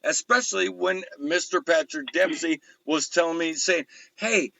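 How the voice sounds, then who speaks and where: Gravelly, bright-voiced swearing male host. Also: fairly high pitch, lively intonation, moderate pace, dry recording, rough recording. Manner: rambling, swearing storyteller. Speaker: show host. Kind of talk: casual profane chat.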